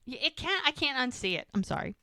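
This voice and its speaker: A woman's voice: high-pitched, very animated, fast, a crowd in the background. A woman co-hosting a podcast, casually recapping episodes and acting out the characters' lines as she goes. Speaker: podcast co-host.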